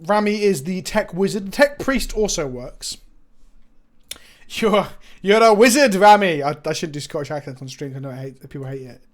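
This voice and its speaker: A man streaming a card game live, chatting casually with his viewers, excitable and swearing freely as he jokes with chat and comments on his plays. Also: a little high, fast talker, hardly any pauses.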